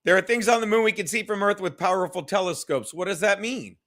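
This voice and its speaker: A man's voice: sits high, fast talker, fairly bright tone. A man hosting a casual livestream chat, loose and profane, reading viewer comments aloud. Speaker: livestream podcast host.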